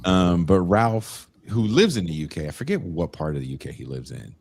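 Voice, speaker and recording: A man with a very deep voice that swings widely in pitch, hosting a loose podcast conversation. He talks in an animated, joking way and breaks into laughter easily. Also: normal speed, gravelly, breathy edge, no echo. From United States. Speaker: podcast host. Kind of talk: casual podcast chat.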